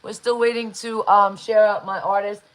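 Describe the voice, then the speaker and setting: A woman hosting a live online interview, talking in a chatty, enthusiastic way. She keeps the conversation going and often breaks off to give shout-outs. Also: mid-range voice, level tone, moderate pace, slight background noise, poor audio. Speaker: interview host.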